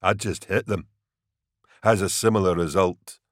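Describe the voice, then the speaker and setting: A hulking, brutish soldier speaks with a deep growl and a slow, flat menace, as a man plays him. The voice sits very low and heavy. The recording is dry and close. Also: no echo. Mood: menacing calm. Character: huge brutish male soldier, calm and menacing.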